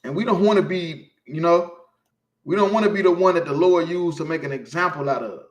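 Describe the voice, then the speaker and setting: A man's voice: a little high, fairly quick. Emphatic preaching man, echoey room. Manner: emphatic, preachy, keeps asking "you feel me". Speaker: street preacher teaching scripture. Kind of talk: informal sermon.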